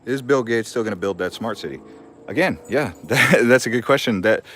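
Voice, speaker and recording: A man's voice: medium pitch, brisk, a bit bright. A young man hosting a casual live-stream Q&A from his backyard garden, rambling and laughing often. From Arizona.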